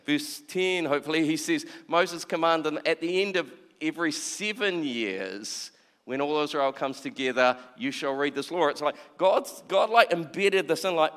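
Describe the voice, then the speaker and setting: This sermon is chatty, with the preacher acting out quoted voices and repeating words, all echoing in the long reverb of a large hall. He speaks expressively at a moderate pace in a slightly high, a bit bright, smooth voice.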